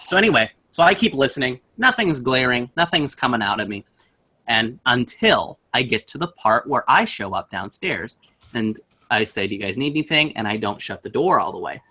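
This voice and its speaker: Young man, bright forceful tone, animated casual ghost-story teller. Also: mid-range voice, moderate pace, slightly rough. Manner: animated, acts out voices in his story.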